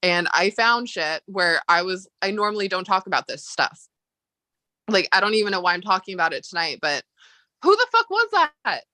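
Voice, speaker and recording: A woman's voice: lowish voice, fairly quick, sharp tone, no room sound. A woman hosting a casual live-stream chat. She feels unwell, speaks bluntly, and swears freely. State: feeling unwell.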